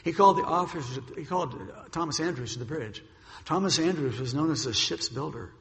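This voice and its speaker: A man's voice: on the high side, expressive, fairly quick, in a large hall, crowd noise. A man preaching a sermon, telling a dramatic story and acting out what the characters say. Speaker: pastor.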